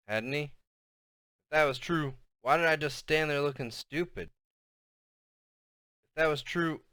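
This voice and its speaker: Bright, clear-voiced male audiobook narrator. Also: medium pitch, no room sound. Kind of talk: novel read aloud in first person.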